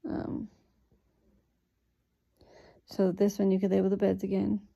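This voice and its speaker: Sleepy woman with a gravelly dark voice. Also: mid-range voice, slow pace. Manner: relaxed, thinks aloud with fillers. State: sleepy, yawning. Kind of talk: reading aloud and explaining teaching prompts.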